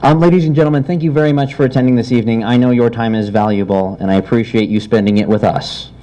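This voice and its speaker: A man's voice: medium pitch, fairly even intonation, fast talker, mellow. A man running for council, giving a friendly, self-deprecating closing statement at a forum. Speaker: council candidate.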